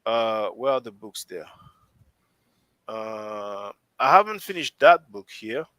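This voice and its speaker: A man's voice: lowish voice, lively intonation, takes it slowly, a bit bright, no room sound, poor audio. A man with a French accent hosting a casual live stream discussion, rambling and often restarting his sentences as he thinks aloud. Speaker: host.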